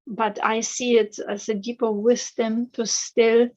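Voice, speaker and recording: A woman retells a fairy tale at a slow, thoughtful pace, pausing with fillers. Her voice sits a bit high. The recording sounds slightly muffled. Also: level tone. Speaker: author and storyteller.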